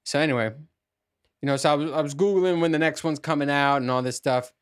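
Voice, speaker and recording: A man talking through a casual solo podcast monologue, rambling and profane. He stumbles and restarts often. His voice sits a little high for a man. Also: fast, smooth. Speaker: podcast host.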